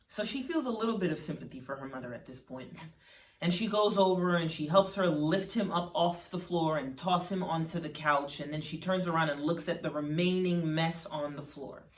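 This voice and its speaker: A woman telling a story in a conversational, unhurried way, with fillers like "you know", recorded in a roomy space from a distance. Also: deep voice. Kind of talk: storytelling narration. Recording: roomy sound from a distant mic.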